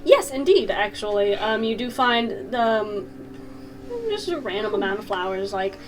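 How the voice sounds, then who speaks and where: A woman's voice: mid-range voice, animated, unhurried, music in the background, low-quality recording. A woman narrating a tabletop game as game master, giggly and full of fillers.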